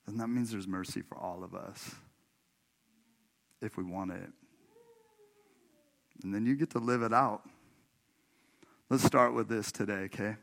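A man from Washington state, USA, preaches in a church sanctuary, sharing a personal story in a conversational way with frequent laughter and direct address to the congregation. His fairly low, gravelly, slightly bright voice is fairly even and a little slow, with frequent pauses.

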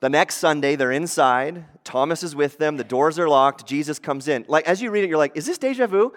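A man preaching a sermon as pastor, conversational and animated, acting out the voices he quotes. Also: fairly high pitch, brisk, in a large hall.

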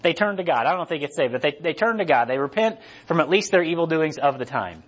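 A man's voice: a little high, big pitch swings, fast, lo-fi sound. A man teaching a Bible study, retelling scripture in a loose, conversational way with casual slang.

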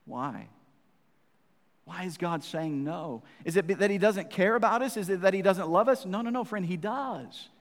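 High-voiced preaching man, church reverb. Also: normal speed. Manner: preacherly, addresses listeners as friend, repeats phrases for emphasis. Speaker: pastor. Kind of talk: sermon. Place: church sanctuary. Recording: long reverb of a church hall.

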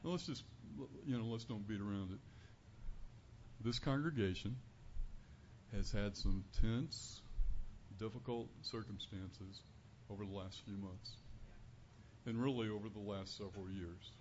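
A man giving an earnest, conversational sermon as a preacher in a church, building to louder emphasis on key points. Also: on the low side, unhurried, long pauses. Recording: dull lo-fi recording with faint room noise.

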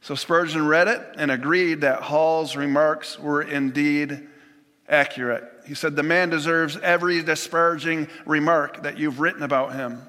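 A man preaching a sermon in an earnest, measured way, quoting scripture and retelling stories. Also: on the high side, steady tone, pushed and bright, big-room sound. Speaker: pastor.

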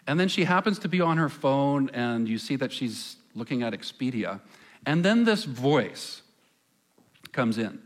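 A man preaching a sermon as pastor on a church stage, conversational, asking the congregation questions and pausing for effect. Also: mid-range voice, very animated. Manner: conversational, asks the congregation questions, dramatic pauses.

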